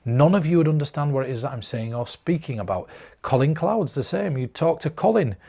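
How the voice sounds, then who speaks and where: A man from northern England records himself on camera and speaks directly to the viewer. His voice sits a little high for a man. His delivery is earnest and encouraging, like a performer passing on practical advice. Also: animated, a little fast, gravelly, mellow. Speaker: mentalist giving performance advice.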